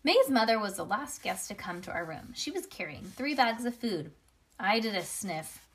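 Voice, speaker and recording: A woman reads a children's chapter book aloud. Her delivery is lively and expressive, with the odd small slip. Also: mid-range voice, moderate pace.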